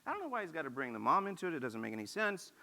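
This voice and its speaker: A man's voice: fairly high pitch, sing-song, very fast, gravelly, bright, forceful tone. A man pastor preaching a casual, conversational sermon, reading scripture and breaking in with joking asides.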